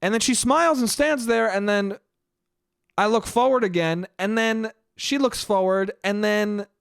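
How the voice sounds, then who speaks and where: A man's voice: high-pitched, measured pace, vocal fry, a bit bright, clear, resonant tone, no echo, clean studio sound. A man hosting a solo podcast, telling a story in a casual, profane, self-deprecating way and saying "dude" a lot. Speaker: podcast host.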